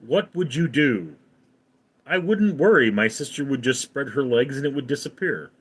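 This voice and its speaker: A man's voice: mid-range voice, lively intonation, normal speed, slightly rough. A man hosting a casual live stream, reading viewer comments aloud and answering them offhandedly. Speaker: livestream host.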